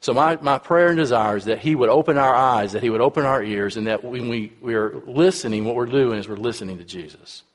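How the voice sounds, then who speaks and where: A middle-aged Texan man preaches at an even, ordinary pitch, telling his story casually and checking in with listeners as he goes. His voice rings out with a long reverb trailing after each phrase, as in a big hall. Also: fairly quick, few pauses. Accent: Texas. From Texas. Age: 50s. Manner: conversational storytelling, frequent "right?" and "uh" asides. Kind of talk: sermon.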